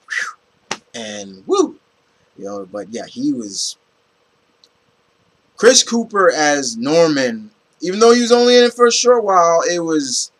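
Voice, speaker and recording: A man giving a casual, rambling movie review, animated and full of restarts and fillers. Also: fairly high pitch, rough recording.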